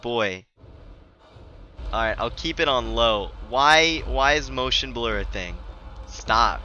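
A man's voice: mid-range voice, expressive, takes it slowly, bright, forceful tone, lo-fi sound. A man giving rambling, profane, joking commentary while playing a video game. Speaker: gamer. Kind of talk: let's play commentary. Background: game audio.

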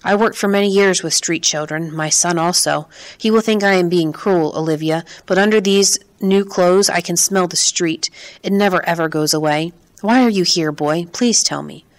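Woman reading as a frail, soft-spoken old man. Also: on the low side, lightly acted. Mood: pleading. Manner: quiet, measured.

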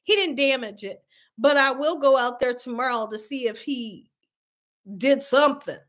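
A woman telling a story to her viewers on a casual livestream, animated and exclamatory, calling them y'all. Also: sits high, normal speed. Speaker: cooking channel host.

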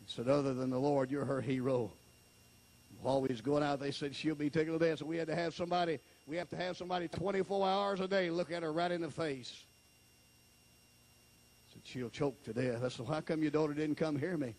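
An evangelist man preaching a revival sermon in a fairly high voice. He repeats his lines and climbs from near-whispers to ringing shouts. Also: steady tone, fairly quick. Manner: repeats phrases, swings from hushed to shouting.

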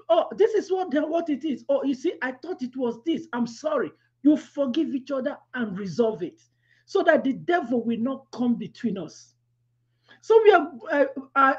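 Animated high-voiced woman preaching, lo-fi. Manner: animated storytelling, quick asides, laughs while telling. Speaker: devotional speaker. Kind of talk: devotional teaching with personal story. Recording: lo-fi dull sound.

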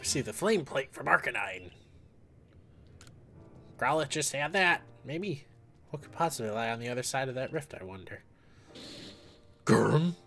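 Excitable jokey man gaming. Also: medium pitch, normal speed, pauses often, soft background music. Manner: excitable, jokey, yelps and shouts at the game. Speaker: let's play gamer. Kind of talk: casual gameplay commentary.

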